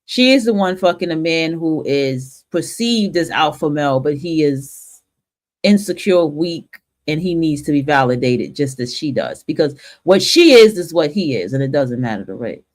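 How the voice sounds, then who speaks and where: A woman's voice: low voice, expressive, normal speed, a little mellow. A woman from the northern United States hosting a talk stream and giving a blunt, profane opinion monologue, often restarting her sentences.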